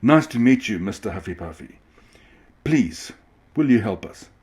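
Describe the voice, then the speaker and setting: A man voicing an angry, blustering male circus ringmaster who bellows and shouts, in a storybook reading. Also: lowish voice, expressive, unhurried. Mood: flustered.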